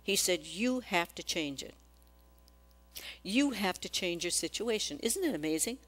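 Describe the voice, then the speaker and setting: A woman's voice: on the low side, expressive, measured pace, fairly bright tone. A woman preaching a sermon in a church, asking the congregation questions and acting out quotes.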